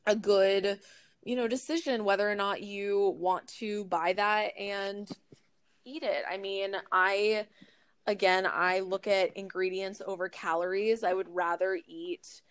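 A woman's voice: mid-range voice, fairly even intonation, unhurried, smooth, no echo. A young woman, a podcast guest, giving earnest food advice in a casual chat, with some fillers. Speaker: podcast guest, nutrition creator.

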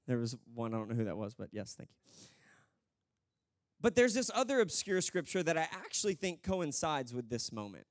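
Animated high-voiced preacher. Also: male voice, no room sound, clean studio sound. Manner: animated storytelling, acts out voices. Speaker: pastor. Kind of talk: sermon.

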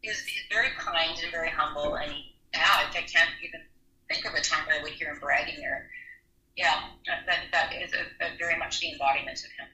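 Low, bright-toned middle-aged woman. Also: steady tone, fairly quick, lo-fi sound. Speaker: guest, a bereaved mother. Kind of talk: interview conversation. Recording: roomy echo.

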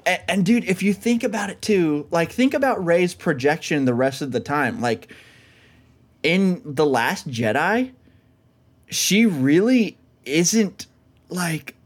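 A man's voice: a little high, lively intonation, slow pace. A man co-hosting a podcast, chatting casually and enthusiastically about films, often calling his friend dude. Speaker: podcast co-host.

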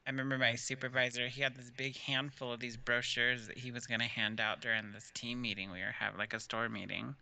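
Male co-host, mid pitch, tense bright tone, deadpan and relaxed. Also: fast talker, vocal fry, hardly any pauses. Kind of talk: casual chat.

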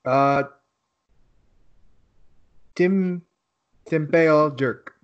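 A man's voice: a little high, extremely slow, lo-fi sound. A man hosting a podcast, chatting casually and joking, acting out stories in silly voices. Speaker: podcast host. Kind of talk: casual chat.

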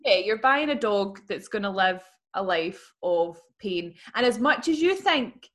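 A young woman in relaxed podcast conversation, with a mid-pitched voice. She is opinionated and playful, and she talks things through in a chatty way. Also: measured pace. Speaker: podcast co-host. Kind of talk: casual chat.

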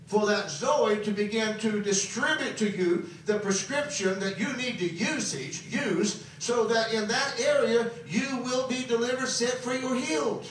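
A man preaching a sermon, swinging between soft and loud and repeating phrases for emphasis. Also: very high-pitched, measured pace, hardly any pauses, slight background noise. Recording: very echoey hall, voice from far off.

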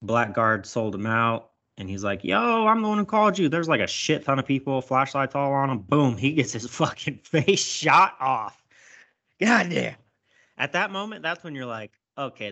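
A man casually recapping a movie, animated and profane, acting out lines as he goes. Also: mid-range voice, a little slow. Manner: animated, swears a lot, acts out lines. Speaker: podcast host recapping a movie. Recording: dull lo-fi sound.

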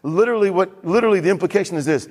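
A man's voice: high voice, racing. A man preaching a sermon as pastor in a church, emphatic and given to repeating his lines and reading scripture aloud.

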